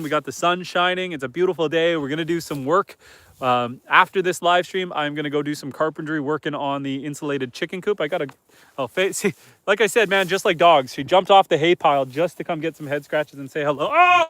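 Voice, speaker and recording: A man from Northern Canada walks his homestead with a phone camera, chatting to viewers in a loose, rambling way. His voice sits slightly high for a man. The sound is close and dry, with no reverb from the open air around him. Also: fairly quick. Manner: relaxed, rambling, reads viewer comments aloud. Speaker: homesteader live-streaming host. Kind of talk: casual live-stream chat. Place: outdoors on a homestead farm among animals.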